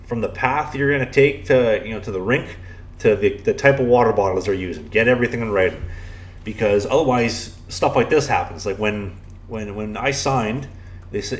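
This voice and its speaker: A man's voice: lowish voice, moderate pace. A young man, a podcast co-host and pro hockey goalie, telling rambling stories in casual chat, full of "you know" and restarts.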